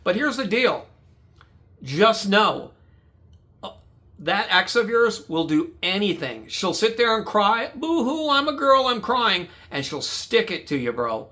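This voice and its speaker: Man, bright high voice, blunt angry storyteller, swears freely. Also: animated, a little slow. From United States. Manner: blunt, heavy swearing, re-enacts dialogue. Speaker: guest telling his story.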